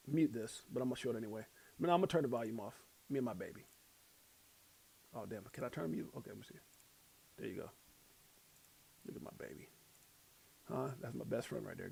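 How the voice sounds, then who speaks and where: A man's voice: mid-range voice, creaky, darkish tone, slight background noise. A middle-aged man hosting a casual livestream, rambling, chuckling often and reading posts aloud. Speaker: crypto livestream host.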